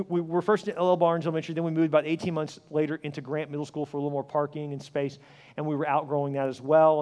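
Brief: male pastor, middle-aged, quick and slightly high-voiced, telling a sermon story in a big hall with long reverb. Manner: animated storyteller, acts out dialogue, swings from loud to hushed.

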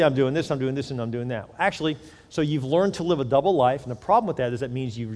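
A man's voice: mid-range voice, darkish tone. A man preaching a sermon in a conversational way, using everyday examples and often repeating words as he starts a sentence. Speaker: pastor. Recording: reverberant hall.

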